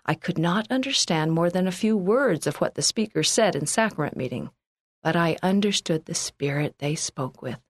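Earnest low-voiced woman reading aloud. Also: lively intonation, normal speed, dry recording, studio quality. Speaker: reader of a church magazine article. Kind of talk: scripted first-person narration.

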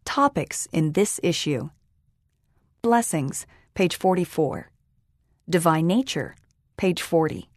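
A woman reading a children's magazine aloud in a calm, even scripted style. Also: low-pitched, takes it slowly, pauses often, no echo, studio quality. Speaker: magazine reader.

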